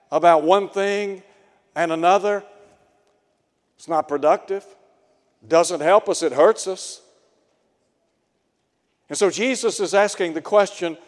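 A male radio preacher who speaks slowly and deliberately, with a voice set a little high for a man. He leans on rhetorical questions as he preaches. A long hall reverb trails behind each phrase. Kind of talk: radio sermon.

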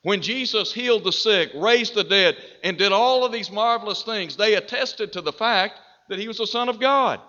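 Man preaching, kinda high bright voice, muffled recording in a big echoey hall. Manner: slow, deliberate preaching with emphatic rises. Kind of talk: sermon. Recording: dull reverberant hall.

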